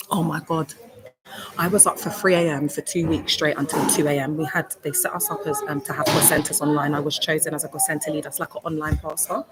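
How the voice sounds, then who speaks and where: A woman's voice: low voice, fast, a loud crowd, low-quality recording. A woman talking casually on a livestream from a hospital, emotional and rambling, greeting chat viewers by name. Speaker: livestreamer, cult survivor. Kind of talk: casual live-stream talk. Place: hospital room. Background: hospital background noise.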